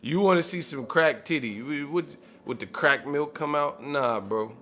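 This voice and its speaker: A man's voice: on the high side, normal speed, bright, forceful tone. Profane, laughing man telling a story. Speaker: boxing channel host. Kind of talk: casual storytelling monologue.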